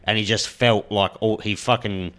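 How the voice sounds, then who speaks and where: A man's voice: fairly low pitch, steady tone, moderate pace, a bit bright. A man hosting a podcast, retelling stories loosely and swearing often. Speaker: podcast host. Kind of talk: casual podcast chat.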